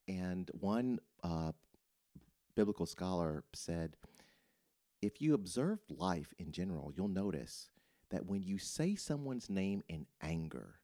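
Male pastor, middle-aged, very deep voice; reflective and teacherly, casual podcast chat. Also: sing-song, slow pace, warm tone. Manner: reflective, teacherly, explains scripture.

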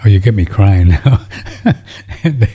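A man's voice: on the low side, lively intonation, a little slow, husky, dull audio. A man hosting a show, reading listener emails in a rambling, folksy, casual way, easily moved to tears. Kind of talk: casual chat.

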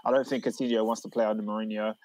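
A man's voice: fairly low pitch, flat delivery, rapid-fire, a little mellow, rough recording. A man co-hosting a casual football chat, arguing his points and reading viewer comments aloud. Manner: argumentative, reads comments aloud.

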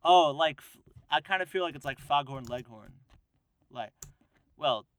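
A man's voice: a little high, a little slow, no echo. A man co-hosting a podcast in casual chat, playfully reading out quiz questions. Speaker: podcast co-host.

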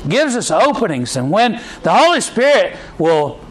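A man preaches a sermon. He talks to the congregation like he is chatting, restarting his sentences often and filling pauses with "uh.". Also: high voice, very animated, slight background noise, rough recording. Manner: conversational preaching with frequent restarts and fillers. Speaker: pastor.

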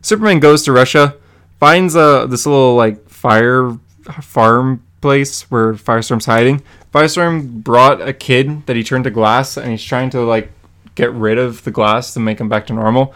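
Dude on a comic podcast going through an issue, excited and rambly, talks right into his mic. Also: medium pitch, normal speed, clear, resonant tone. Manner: enthusiastic, rambling with lots of "like". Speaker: podcast host. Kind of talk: casual chat recapping a comic. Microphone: podcast mic, close.

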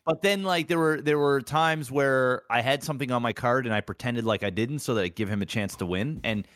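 A man co-hosting a casual podcast, his voice at an ordinary middle pitch. He talks in a relaxed, easygoing way with plenty of fillers. The recording is close and dry. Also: a little fast, dry recording. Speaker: podcast co-host. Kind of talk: casual chat.

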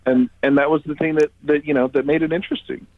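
A man's voice: a little high, steady tone, fast talker, no room sound. A man in casual chat, hesitant and searching for words. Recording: dull lo-fi audio.

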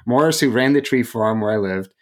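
A young man on a casual podcast, animated and jokey as he rambles through stories. His voice sits at an average pitch for a man. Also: a little slow. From rural area. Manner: animated, jokey, lively storytelling. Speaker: podcast co-host.

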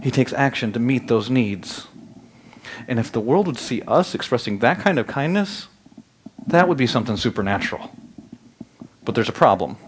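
A man in his thirties preaching a sermon as pastor, telling lively stories that climb loud and high. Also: normal speed, pauses often, slight background noise. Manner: animated storytelling, rising loud and high in anecdotes. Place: church sanctuary.

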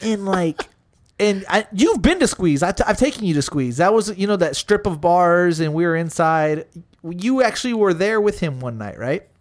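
A man's voice: high-pitched, moderate pace. A man casually telling a long story on a podcast, swearing freely and acting out what his friends said. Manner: animated, profane, acts out what friends said. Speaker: podcast co-host.

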